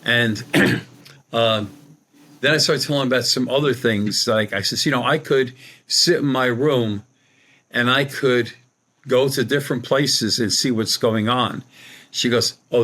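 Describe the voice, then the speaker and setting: A man's voice: medium pitch, fairly even intonation, unhurried, long pauses, bright, forceful tone. A middle-aged man telling a personal story as a podcast guest, in a colloquial, rambling way, acting out the dialogue he quotes. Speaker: guest, psychic medium. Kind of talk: conversational storytelling.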